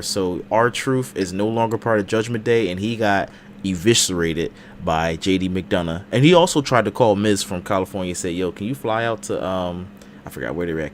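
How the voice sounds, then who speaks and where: Fast-talking man hosting a casual chat. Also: on the low side, slight background noise. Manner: runs the segment, moving the talk along. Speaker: podcast host.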